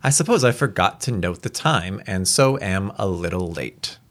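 A man's voice: sits low, expressive, moderate pace. A man voicing a chatty, naive wealthy wife in a read-aloud story. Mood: breezy. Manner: light, breathless, naive tone.

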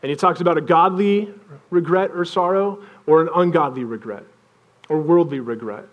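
A man's voice: on the high side, moderate pace, highs cut off. A young adult man preaching a sermon as pastor, telling a story in a casual, self-deprecating way.

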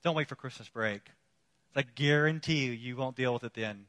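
A pastor delivering a sermon, swinging between loud, emphatic declarations and quiet, intimate appeals, with a repetitive preaching cadence. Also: male voice, mid-range voice, moderate pace. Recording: long hall reverb.

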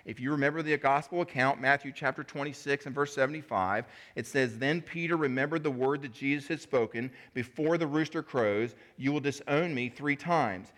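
A man's voice: moderate pace, few pauses, fairly bright tone. A man preaching a sermon in a conversational way, acting out the dialogue of the people in his story. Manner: conversational, acts out dialogue with sudden pitch jumps.

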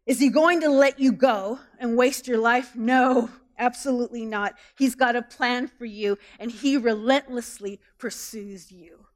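A woman pastor preaching a sermon with animated delivery, asking the congregation many questions. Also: a little high, unhurried, hardly any pauses.

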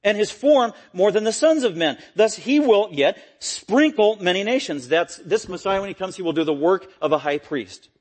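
A man preaching an expository sermon, emphatic and repetitive, swinging from loud peaks to quiet low lines. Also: lively intonation, normal speed, few pauses. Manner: repetitive, stressing key phrases.

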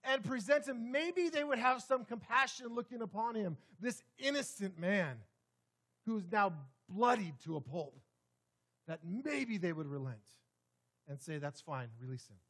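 High-voiced pastor preaching with dramatic swings. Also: male voice, expressive, measured pace. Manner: dramatic, swings from loud to hushed. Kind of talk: sermon. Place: church sanctuary.

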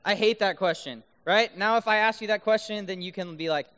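Youth speaker, male, high and bright voice, playful, keeps asking "right?", long hall reverb. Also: fairly quick, clear, resonant tone. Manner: playful, keeps checking in with the audience. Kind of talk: youth talk with duck call demos. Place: large room full of high schoolers.

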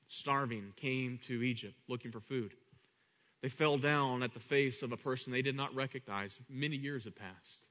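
A man delivers a sermon, lurching from loud, high-pitched outbursts to soft, low asides. He repeats himself a lot and voices the characters in his story.

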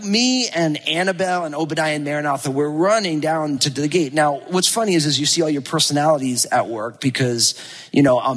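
A man who is a pastor, preaching a sermon and telling a personal story in a lively, animated way, acting out the lines of people in it. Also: on the high side, in a large hall. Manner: animated storytelling, acts out quotes. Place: church.

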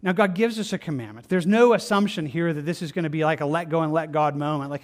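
An American man, a pastor, preaching a conversational sermon and acting out people's excuses in quick little voices. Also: on the high side, lively intonation.

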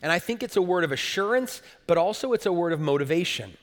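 A pastor with a high-sitting, expressive voice preaches a sermon fast, earnest and emphatic, often repeating words as he builds a point. The long reverb of a church hall surrounds the recording.

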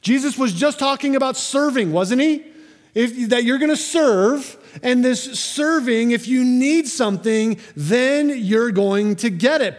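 Animated high-voiced male preacher. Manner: animated preacher, acts out quotes, closes in quiet prayer. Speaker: pastor. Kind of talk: sermon.

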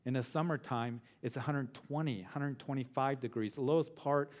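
A man's voice: mid-range voice, fairly even intonation. Male pastor, middle-aged, verse-by-verse sermon, earnest, repeats for emphasis. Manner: earnest, repeats phrases for emphasis, slows on key words. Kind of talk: verse-by-verse Bible teaching sermon.

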